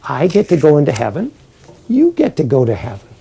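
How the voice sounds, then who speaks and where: A man's voice: on the high side, wildly swooping pitch, brisk, vocal fry, mellow, slight background noise, exaggerated voice. A priest voicing a boastful, scheming man trying to sneak into heaven, in a storytelling sermon. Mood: pleading. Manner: pleading, bragging.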